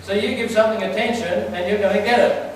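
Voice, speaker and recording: A fairly high-voiced man preaches in a relaxed, storytelling way, firing questions at the congregation. His voice rings around a large, very echoey hall, heard from a distance with a faint hum of room noise. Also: quick pace. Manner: chatty, storytelling, asks the crowd questions. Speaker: church speaker. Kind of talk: conversational sermon. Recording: very echoey hall, mic far off.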